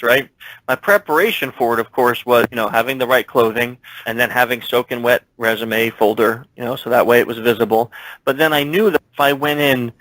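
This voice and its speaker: Man telling a lively work story. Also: mid-range voice, dry recording, low-quality recording. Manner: animated, acts out dialogue in his stories. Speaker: security expert guest. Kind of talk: storytelling in a casual interview. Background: speaking while standing at his desk.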